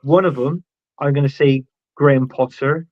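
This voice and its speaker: A man's voice: medium pitch, steady tone, normal speed, dry recording. A man joining a casual football chat as a guest, talking hesitantly with lots of ums. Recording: dry, dull lo-fi call audio.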